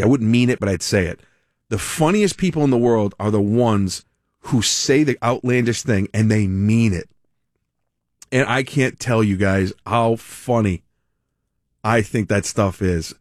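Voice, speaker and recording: A man's voice: fairly low pitch, lively intonation, normal speed, no echo, clean studio sound. A man hosting a radio talk show, chatting casually, rambling with restarts and frequent laughter. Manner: rambling, laughing, self-interrupting.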